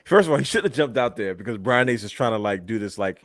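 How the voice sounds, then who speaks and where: A young man with a fairly low voice co-hosts a wrestling podcast in a dry, close sound. He talks in an animated, emphatic way and stacks up repeated words when he presses an argument. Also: quick pace, no echo. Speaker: podcast co-host. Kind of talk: casual wrestling podcast talk.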